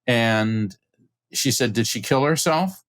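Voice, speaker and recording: A middle-aged man, a guest on an interview podcast, telling a story with excitement and acting out the voices of the people in it. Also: medium pitch, takes it slowly. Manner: acts out quoted voices, excited retelling. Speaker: podcast guest, psychic medium.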